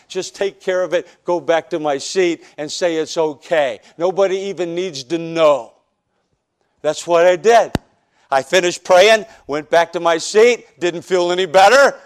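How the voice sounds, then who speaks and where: Male pastor from the northern US, high-pitched, animated testimony preacher who jokes and acts out scenes. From northern United States. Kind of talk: preaching a personal testimony sermon.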